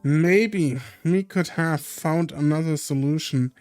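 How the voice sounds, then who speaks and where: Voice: mid-range voice, slow pace, darkish tone, dry recording, soft background music. A streamer reading a visual novel aloud in an earnest, emotional way.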